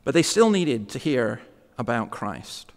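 A man delivers a sermon in a church at an ordinary middle pitch. He talks to his congregation conversationally and slows down deliberately to stress his points. A long reverb trails behind each phrase. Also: big pitch swings. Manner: conversational preaching, slows for emphasis. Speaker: preacher.

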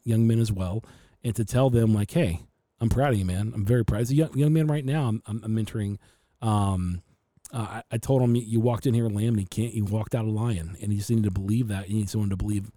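A man on a podcast, casually telling animated stories and acting out his father's voice. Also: on the low side, no echo, studio quality. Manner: animated storyteller who acts out his dad's voice. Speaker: podcast host. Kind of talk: casual storytelling chat.

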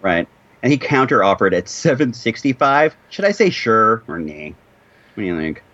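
A wry male podcast host chats casually and teases his co-host with playful asides. His pitch swings about animatedly. The sound is dry and somewhat dull. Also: very animated, moderate pace, a bit bright, no echo. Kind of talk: casual chat.

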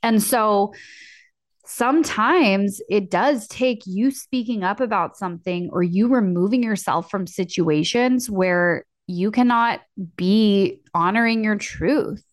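An upbeat young woman talks casually on her own podcast, peppering her speech with fillers and acting out little quoted exchanges. Her voice sits at an ordinary middle pitch. It is recorded close on a dry mic with no room sound. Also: takes it slowly, no room sound. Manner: chatty, upbeat, lots of fillers and acted-out quotes. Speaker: podcast host. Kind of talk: casual solo podcast talk.

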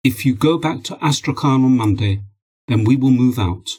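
A man reading the lines of a weary wife in a storybook, calm and firm. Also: mid-range voice, moderate pace, breathy edge.

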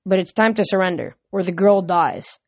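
A woman's voice: fairly low pitch, moderate pace, darkish tone, no echo. A woman voicing an ancient male Titan lord, mocking and threatening, in a storybook read-aloud with a dry, close sound. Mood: menacing.

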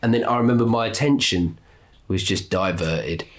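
A man casually telling animated stories on a podcast, laughing often and swearing casually. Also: on the low side, normal speed. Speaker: podcast co-host. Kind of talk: casual storytelling chat.

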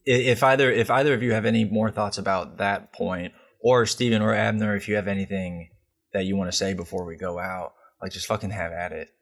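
A man's voice: fairly low pitch, steady tone, brisk. A man co-hosting a podcast, talking in a loose, rambling way and swearing casually. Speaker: podcast co-host.

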